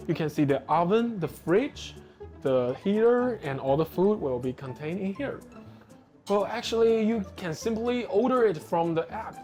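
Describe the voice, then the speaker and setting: A vlogger walks through the train, chatting easily and starting many sentences with "well". English is not the here. Soft background music plays faintly. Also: medium pitch. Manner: relaxed, chatty, uses "well" often. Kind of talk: casual vlog tour.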